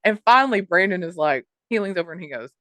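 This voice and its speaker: A woman's voice: on the low side, lively intonation, fast, sharp tone, no room sound. A woman co-hosting a podcast, telling a story in casual chat, swearing and mimicking the people she quotes. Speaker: podcast co-host.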